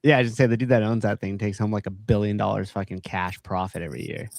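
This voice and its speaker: A man's voice: fairly low pitch, fairly even intonation, fast talker, creaky, a little mellow, dry recording. A man co-hosting a casual podcast, laid-back and slangy with a know-it-all streak. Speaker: podcast co-host. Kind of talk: casual chat.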